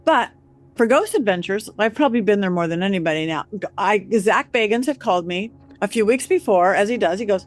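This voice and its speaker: A woman telling a story as a guest, acting out the quoted voices with lively changes. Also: mid-range voice, a little fast. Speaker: guest psychic medium. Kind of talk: animated storytelling.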